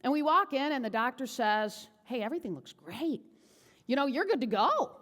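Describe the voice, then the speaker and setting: Keynote storyteller, woman, bright higher voice, lively delivery, hall reverb. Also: moderate pace. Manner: animated, chatty, tag questions to audience. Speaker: motivational keynote speaker. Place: large event hall.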